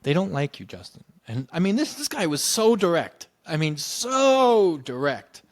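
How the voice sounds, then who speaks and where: A man in casual storytelling, animated and acting out what others said. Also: on the high side, measured pace. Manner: animated, acts out quoted voices. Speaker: podcast guest telling his story.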